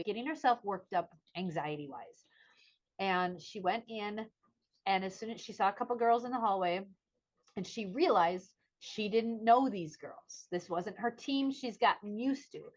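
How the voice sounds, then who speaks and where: A woman's voice: mid-range voice, dull audio. A middle-aged woman co-hosting a podcast, chatting casually and telling a story animatedly, acting out the voices of the people she quotes. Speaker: podcast co-host. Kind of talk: casual chat.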